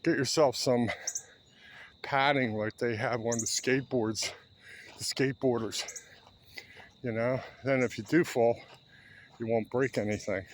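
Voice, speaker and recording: A man's voice: medium pitch, slight background noise. A man in his seventies chatting casually while walking a park trail, rambling as he goes. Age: 70s. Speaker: vlogger.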